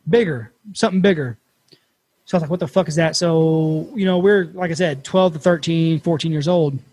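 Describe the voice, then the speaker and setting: A man hosting a podcast, telling a campfire story in a casual, animated way and swearing freely. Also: sits high, no room sound. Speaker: podcast host.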